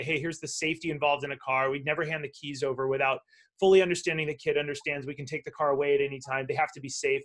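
A middle-aged man hosting an interview, telling a story in a lively way and acting out the voices he quotes. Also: a little high. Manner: animated, acts out quoted voices. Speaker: show host.

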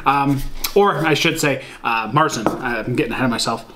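In a very noisy recording, a medium-pitched man talking at a normal speed reviews a beer at home. He's from Michigan, rambles with lots of fillers, and speaks to his viewers as "guys."

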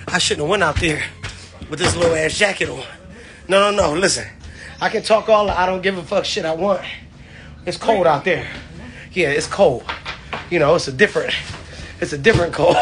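A man, a comedian, streaming live from his home on his phone, loud and playful, swearing constantly and laughing between his lines. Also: high voice, a little hiss or hum. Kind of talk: hyped, profane live-stream rant.

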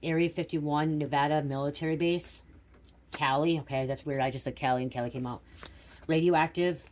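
Middle-aged woman, low-pitched, casual card reader thinking out loud. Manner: musing aloud, repeating words. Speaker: tarot reader. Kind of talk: casual spiritual card reading.

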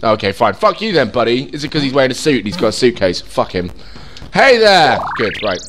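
A man casually swearing and reacting as he plays a game. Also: quick pace. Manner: excitable, sweary, jumps in pitch. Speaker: gaming channel host. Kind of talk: let's play commentary.

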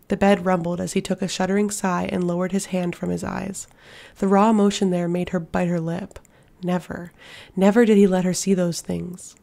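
A woman narrating a fantasy audiobook in a hushed, steady storytelling manner. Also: on the low side, normal speed, vocal fry. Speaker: audiobook reader.

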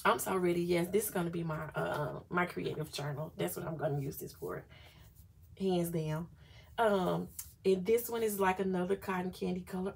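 A woman's voice: on the low side, normal speed, gravelly, darkish tone, breathy edge. A woman vlogger chatting casually through a planner flip-through, gushing and often saying y'all.

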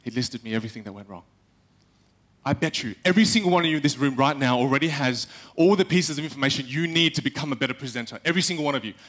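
A young man giving a live talk on stage, animated, acting out little quotes and speaking straight to the audience. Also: medium pitch, very fast. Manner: animated, acts out quotes, addresses the audience directly.

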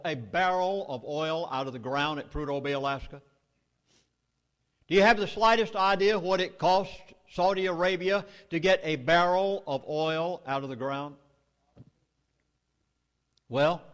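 A man's voice: on the high side, a bit bright, big-room sound. A middle-aged man with a Southern US accent gives a public speech at a meeting, delivering urgent, emphatic warnings. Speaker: speaker addressing a meeting.

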